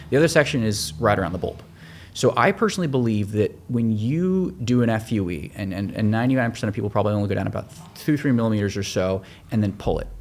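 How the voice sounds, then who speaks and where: Fast-talking gravelly-voiced male surgeon. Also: lowish voice, a little hiss or hum. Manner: fast, thinking aloud with repeated restarts. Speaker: hair transplant surgeon. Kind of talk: expert explaining in a podcast interview.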